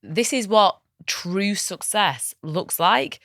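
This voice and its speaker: A woman co-hosting a podcast in casual chat, upbeat and quick to laugh, recorded in a studio. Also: mid-range voice, animated, fairly bright tone, no echo. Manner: laughs often, upbeat and chatty. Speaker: podcast co-host.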